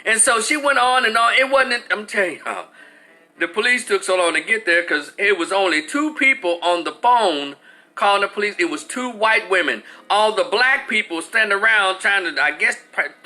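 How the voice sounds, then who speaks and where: A man in his forties telling a story as a profane, animated rant, acting out other people's voices. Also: high-pitched, normal speed. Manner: animated, acts out voices, swears freely. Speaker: commentator.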